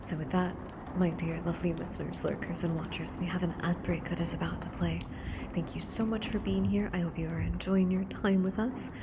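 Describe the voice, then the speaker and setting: A woman streamer chatting between horror story readings, mostly whispering into a close microphone, excitable and drifting between a whisper and soft speech. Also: on the low side, a little fast, very noisy. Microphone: close mic right in front of her.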